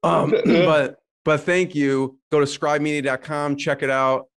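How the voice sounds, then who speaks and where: A man hosting an interview show, wrapping up with friendly thanks and a slightly halting delivery. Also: a little high, fairly even intonation, smooth. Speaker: host. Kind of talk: interview sign-off.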